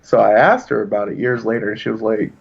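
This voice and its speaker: A man's voice: on the low side, steady tone, fast talker, vocal fry, slightly rough, lo-fi sound. A man in his thirties, a podcast co-host, talking in an earnest, reflective way as he tells personal stories. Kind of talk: casual chat.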